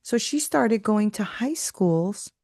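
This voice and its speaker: A woman, a faith coach and podcast guest, telling stories in an emphatic, preachy way. She keeps adding "right?" and acts out quoted voices with big jumps in pitch. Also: lively intonation, slow, gravelly, darkish tone, no room sound, studio quality. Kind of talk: storytelling faith talk.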